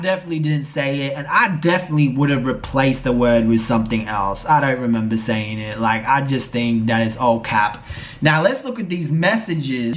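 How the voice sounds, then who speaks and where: A man's voice: medium pitch, moderate pace. Blunt, indignant man ranting on camera. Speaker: YouTube commentator. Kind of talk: casual commentary vlog.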